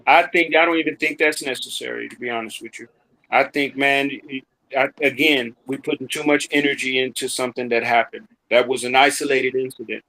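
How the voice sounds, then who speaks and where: Guy on a live stream talking it through slow and thoughtful, bright clear voice, casual chat. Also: mid-range voice, fairly even intonation, low-quality recording. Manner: reflective, gives advice in measured sayings. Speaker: co-host of a live talk stream.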